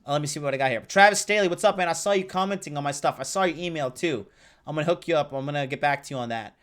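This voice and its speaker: A man's voice: on the high side, rapid-fire, fairly bright tone. A young man hosting a dating-advice show, telling stories and giving advice in a casual, profane, rambling way and reading out viewer comments. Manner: profane, rambling, filler-heavy. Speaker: dating coach host.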